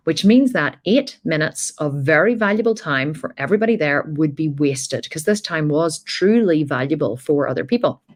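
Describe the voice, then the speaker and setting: Middle-aged woman host, low voice, chatty storytelling with asides. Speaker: podcast host. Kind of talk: casual storytelling monologue.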